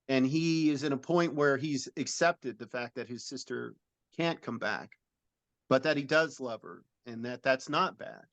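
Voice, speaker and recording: A man's voice: mid-range voice, fairly bright tone, dry recording. A middle-aged man, a film director, being interviewed and describing a film idea in an earnest, rambling storytelling way.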